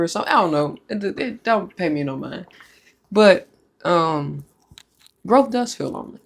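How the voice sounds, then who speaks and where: A woman's voice: fairly low pitch, animated, moderate pace, creaky. A woman hosting a casual podcast chat, talking candidly and with plenty of profanity. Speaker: podcast host.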